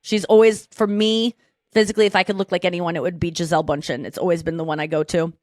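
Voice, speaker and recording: A woman's voice: on the low side, fairly even intonation, fast talker, a little mellow, dry recording, clean studio sound. A woman hosting a podcast, chatting casually and retelling a story in a rambling way, with plenty of restarts. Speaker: podcast host. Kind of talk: casual chat.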